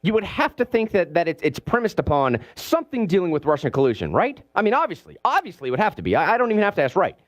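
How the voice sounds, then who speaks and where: A man hosting a political talk radio show from a studio, animated and sarcastic, mimicking the people he talks about. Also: high-pitched, quick pace, few pauses, no echo. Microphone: studio mic.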